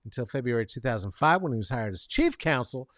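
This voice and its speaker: A man hosting a comedic commentary show, rambling and sarcastic, swinging between mumbled asides and loud outbursts and talking to viewers by name. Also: medium pitch, very animated, fast, dry recording, clean studio sound. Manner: talks to chat viewers by name. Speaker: show host.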